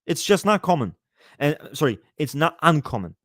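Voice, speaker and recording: A man chatting casually on a live stream, answering his chat in a profane, rambling, animated way. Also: a little high, fairly quick, no echo, studio quality.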